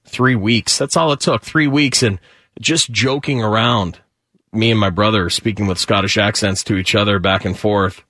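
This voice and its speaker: A fairly low-voiced man jokes along in a relaxed chat and chimes in with quick agreements. The sound is dry and close. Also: no room sound. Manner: jokey, chiming in with short agreements. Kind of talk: casual chat.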